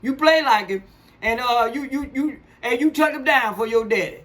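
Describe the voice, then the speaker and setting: A man's voice: very high voice, moderate pace, fairly bright tone. An older man co-hosting a casual podcast, blunt and rambling, laughing often. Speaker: podcast co-host, father. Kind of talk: casual sports chat.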